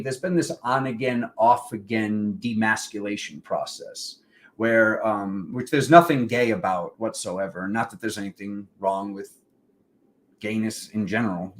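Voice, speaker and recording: A man hosting a spiritual livestream, telling a personal story in a rambling, animated way and acting out the voices of the people in it. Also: mid-range voice. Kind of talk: casual storytelling monologue. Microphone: livestream setup.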